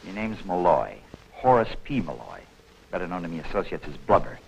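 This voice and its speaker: An actor playing a shifty, leering landlord in a 1940s film, talking slangy and hesitant with little chuckles. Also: male voice, low-pitched, big pitch swings, brisk, gravelly, darkish tone, heavily acted. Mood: sly. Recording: dull old film soundtrack, faint hiss.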